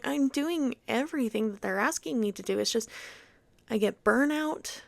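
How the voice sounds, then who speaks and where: A young woman from Utah hosting a podcast, telling her own story in a chatty, animated way. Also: on the high side, normal speed, vocal fry, no echo. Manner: chatty, animated, acts out quoted voices. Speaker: podcast host. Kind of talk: casual personal story.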